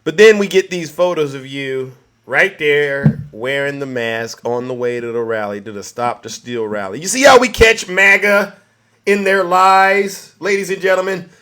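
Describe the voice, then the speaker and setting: Sarcastic, bright-voiced male commentator. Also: a little high, fairly even intonation, unhurried, faint music behind. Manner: mocking, keeps addressing "ladies and gentlemen". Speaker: political commentator. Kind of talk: ranting political commentary.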